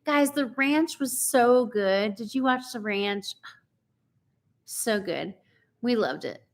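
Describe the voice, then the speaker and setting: Chatty woman in her forties, pitched a bit high. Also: expressive, takes it slowly. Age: 40s. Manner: chatty, laughs often, reads out viewer comments. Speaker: livestream host. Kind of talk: casual live chat.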